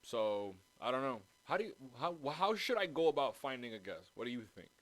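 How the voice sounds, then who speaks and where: Very animated and fairly quick, a man with a mid-range, fairly bright voice chats casually on his home podcast. He rambles, swears a lot, switches topics constantly, and wanders around the mic in a dry recording.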